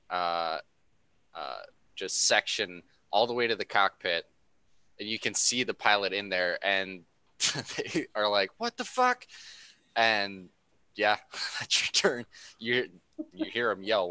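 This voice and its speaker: Bright-voiced, dry-sounding game master man. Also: on the low side, clean tone, dry recording, low-quality recording. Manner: laughing often while describing action. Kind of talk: narrating a tabletop game.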